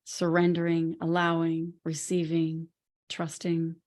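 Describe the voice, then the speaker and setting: A woman co-hosting a podcast in relaxed conversation. Her voice sits a little low. She tells her stories in an animated way and laughs easily as she talks. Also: unhurried. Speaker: podcast co-host. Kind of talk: casual conversation.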